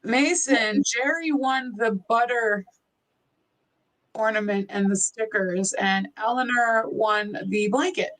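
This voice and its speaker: Woman co-host, high voice, slow and giggly, greets chat by name. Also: fairly bright tone, rough recording. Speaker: live stream co-host. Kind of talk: casual live stream chat.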